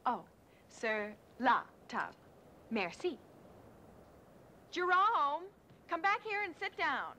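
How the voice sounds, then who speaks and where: An actress playing a kind young woman caring for two children. She talks gently and hesitantly, with fillers and halting French. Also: on the high side, animated, slight background noise. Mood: tender. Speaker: film character caring for children. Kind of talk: film musical dialogue. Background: music.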